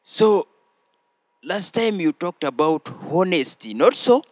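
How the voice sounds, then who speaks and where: A man hosting a children's church show, teaching slowly and prompting the children to repeat phrases after him. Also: high voice, lively intonation, no echo. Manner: slow, deliberate, prompting listeners to repeat phrases. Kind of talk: teaching children with call-and-response.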